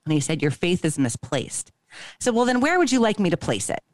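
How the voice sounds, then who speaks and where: A woman's voice: fairly low pitch, big pitch swings, a little fast, dry recording. A woman co-hosting a podcast, telling a long story in a casual, profane way and acting out each line of dialogue. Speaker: podcast co-host.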